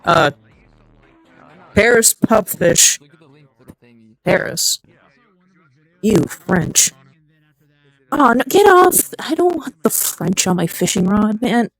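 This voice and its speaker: A game streamer chatting casually and excitably with viewers, rambling, joking and reacting out loud. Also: mid-range voice, slow, long pauses, dry recording, poor audio. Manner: excitable, rambling, jokey, talks to chat. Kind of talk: casual live-stream chatter while gaming.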